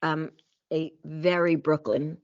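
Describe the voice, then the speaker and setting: A woman's voice: low-pitched, fairly even intonation, slow, a little mellow, dry recording, dull audio. A woman coach talking bluntly and animatedly in a casual podcast chat, swearing freely.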